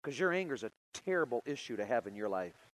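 A middle-aged man preaching a sermon, telling stories with big swings between loud and soft. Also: mid-range voice, fast, rough recording. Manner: animated storytelling with big swings in loudness.

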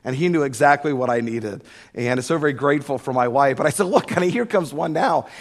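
A middle-aged man preaching a sermon, telling a humorous story in an animated way before building to loud preaching. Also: medium pitch, fast. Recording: echoey hall with long reverb.

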